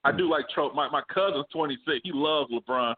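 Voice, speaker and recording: High-pitched man, sports talk co-host, lively and slangy, heard over a phone-like call. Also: brisk, slight background noise. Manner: animated, laughs often, slangy. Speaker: podcast co-host. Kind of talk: casual sports debate. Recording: phone-like remote call audio.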